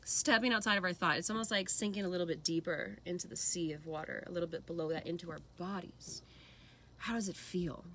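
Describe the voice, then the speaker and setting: Woman, lowish voice, earnest, expressive, casual reflective talk, faint background noise. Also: fairly quick. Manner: earnest, expressive, acts out inner voices with swearing and sighs. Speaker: speaker sharing personal practice.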